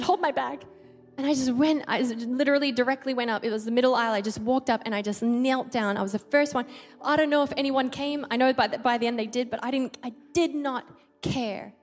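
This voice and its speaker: A middle-aged woman pastor preaching a personal story in a confiding, emotional way, often halting. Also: a little high. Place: church auditorium. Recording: church hall reverb, soft music.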